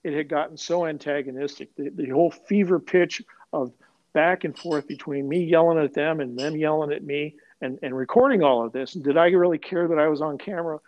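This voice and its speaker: A man's voice: on the high side, fairly quick, highs cut off. An older man, a retired police sergeant, telling stories bluntly and with profanity in an interview. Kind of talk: animated storytelling interview.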